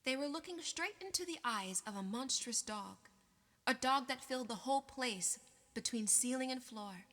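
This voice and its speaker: A woman reading an audiobook aloud in a measured, expressive way. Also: high-pitched. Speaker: audiobook reader. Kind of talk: audiobook narration. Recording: long reverb.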